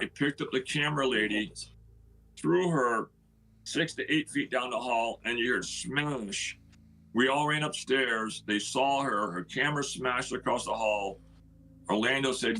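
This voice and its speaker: A middle-aged man, a homeowner, casually telling his story and acting out what other people said. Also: medium pitch. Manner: animated, retells others' words with "he goes".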